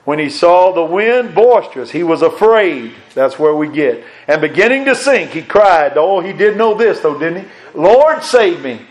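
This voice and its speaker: Preacher guy, kinda high voice, folksy sermon, goes loud then quiet on the scripture. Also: expressive, normal speed, hardly any pauses.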